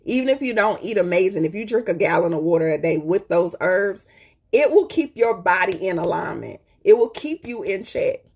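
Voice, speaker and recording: A woman talks in a loose, colloquial way to her viewers, calling them "y'all" and driving her points home by repeating them. Her voice sits fairly low and has a husky, breathy edge. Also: expressive, moderate pace, darkish tone. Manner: chatty and emphatic, repeats points, checks in with "okay?". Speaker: host. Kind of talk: casual live-stream chat.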